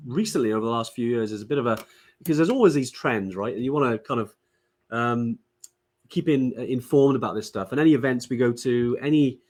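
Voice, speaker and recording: A man's voice: medium pitch, a little fast, a little mellow. Chatty man co-hosting a live show. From Wales. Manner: chatty, many fillers and restarts. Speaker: podcast co-host. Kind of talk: casual live-stream chat.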